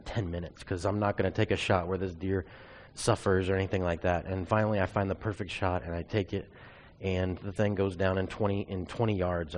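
A man preaching a sermon, telling a personal testimony in an earnest, confessional storytelling way. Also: on the low side.

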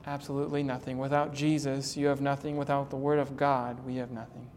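A man preaching a sermon in an earnest, dramatic way, retelling a story and slowing down to stress his points. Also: mid-range voice, level tone, a little mellow, in a large hall, slight background noise.

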